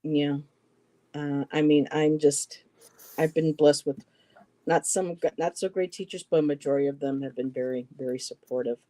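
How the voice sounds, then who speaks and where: Mellow-voiced middle-aged man telling a story. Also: fairly high pitch, steady tone. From western New York, US. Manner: halting, repeats words, quotes others. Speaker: poetry show co-host. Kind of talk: personal storytelling.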